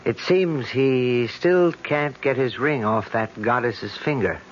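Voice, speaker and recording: An actor playing a wry cousin in a 1970s radio drama, speaking in a measured, storytelling way. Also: male voice, medium pitch, close to an everyday voice. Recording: dull old radio broadcast with light hiss.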